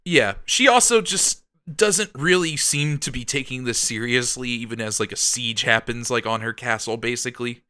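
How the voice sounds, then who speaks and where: A podcast co-host rambles cheerfully through comic plot recaps in casual chat, peppered with ums and likes. His medium-pitched voice is pushed and bright with a clean tone, moving at a moderate pace with few pauses.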